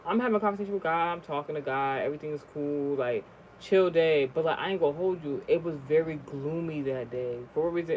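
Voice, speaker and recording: A vlogger telling a personal story in a casual, rambling way, swearing often and restarting sentences, with the voice jumping high and loud at the shocking moments. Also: lo-fi sound, a little hiss or hum. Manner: rambling, profane, many fillers and restarts.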